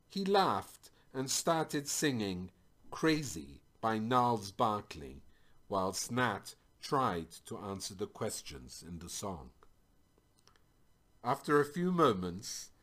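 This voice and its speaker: A man reads a fantasy story aloud at an unhurried pace. His pitch rises and falls with lively swings.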